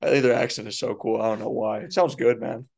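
Easygoing male podcast guest chatting casually and agreeing freely. His voice is mid-pitched with a strong gravelly fry. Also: steady tone, fast talker, darkish tone. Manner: easygoing, agreeable, says dude a lot. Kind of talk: casual chat.

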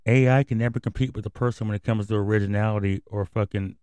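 A man's voice: lowish voice, fairly even intonation, fast talker, warm tone, clear, resonant tone, no echo. A man hosting his own radio show, riffing on news items in blunt, profane, rambling rants. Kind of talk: casual commentary and news reading.

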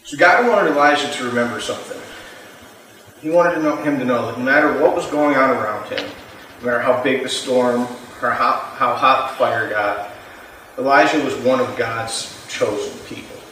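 A man preaches to a youth group in a relaxed, conversational way and keeps asking his listeners to follow along. His voice sits at an everyday pitch and rings through a very echoey room, picked up from a distance with a faint hiss behind it. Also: normal speed. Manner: conversational, often checks in with the audience. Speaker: youth pastor. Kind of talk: casual youth sermon with scripture reading. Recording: very echoey room, mic far off.

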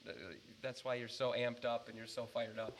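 A man telling a story in casual chat, animated and swearing freely, rambling with restarts. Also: medium pitch, normal speed, slight background noise.

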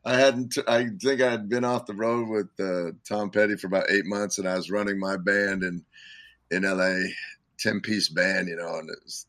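A man's voice: on the low side, little pitch movement, normal speed, a bit bright, dry recording. A man being interviewed as a guest musician, telling stories in a rambling way with frequent chuckles and restarts. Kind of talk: casual interview storytelling.

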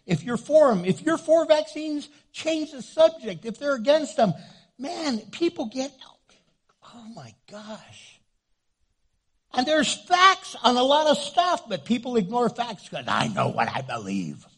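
A man preaching a sermon as a pastor, from New Mexico, joking with the congregation and doing quick funny voices. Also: very high voice, big pitch swings, slightly rough.

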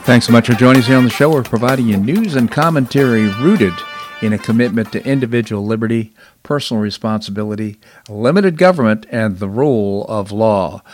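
A man hosting a talk show, giving commentary in a measured way with hesitant fillers. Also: on the low side, faint music behind. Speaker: show host.

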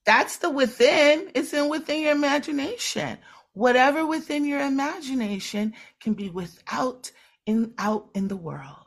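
A woman speaking as a podcast guest, teaching spiritual ideas slowly and earnestly and repeating phrases for weight. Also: high voice, expressive. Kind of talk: casual podcast conversation.

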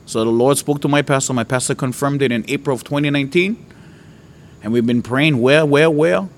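A man from Hawaii, a preacher giving his testimony, who tells his story with lively jumps in voice and frequent laughter. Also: brisk, a little hiss or hum. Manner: animated storytelling, voice jumps high and loud when retelling his outbursts; laughs often. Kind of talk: testimony to an audience.

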